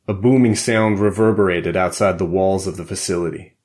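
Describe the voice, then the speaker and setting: A man narrating a spy thriller audiobook in a measured, steady way. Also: low voice. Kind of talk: scripted narration.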